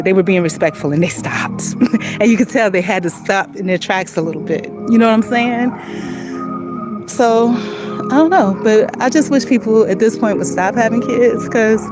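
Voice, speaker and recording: A woman of medium pitch walks outdoors on a street, talking to her viewers in a rambling, casual vlog. She comes across as earnest and emotional, and the recording is low quality.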